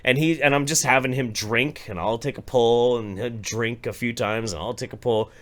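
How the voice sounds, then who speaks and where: A man co-hosting a live-streamed podcast, telling a loose, animated story and slipping into voices for the people in it. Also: medium pitch, normal speed. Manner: animated, acts out voices in anecdotes. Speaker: podcast co-host. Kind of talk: casual storytelling chat. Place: home studio, live stream.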